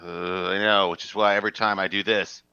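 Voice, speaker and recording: A paranoid man, played by a male improviser who is terrified of unseen monsters. His voice is low but bright, and the recording sounds dull and lo-fi. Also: flat delivery, fairly quick, clear, resonant tone, no room sound. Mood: jittery. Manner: jittery, fearful. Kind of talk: improv comedy scene.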